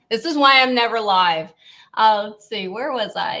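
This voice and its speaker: Chatty bright-voiced woman. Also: fairly high pitch, normal speed. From Louisiana. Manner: chatty, rambling, laughs often. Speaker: live stream host. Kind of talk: casual live stream chat.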